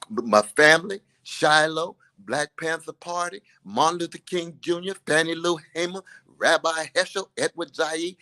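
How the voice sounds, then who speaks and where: A man's voice: fairly high pitch, pushed and bright. An older man in his seventies speaking in a preacherly, rhythmic way, stacking emphatic repetitions in a passionate political conversation. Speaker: guest.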